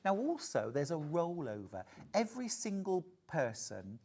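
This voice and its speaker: A woman presenting a live sewing sales show, chatty and bubbly, reading out viewer messages between product pitches. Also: big pitch swings, measured pace, a little mellow, husky. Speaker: shopping channel presenter. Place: TV studio.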